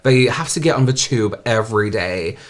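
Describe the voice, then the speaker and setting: A man's voice: medium pitch, animated, normal speed. An English man from England hosting a reaction video, chatting casually and swearing freely. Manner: chatty, swears freely, often asks "you know what I mean?".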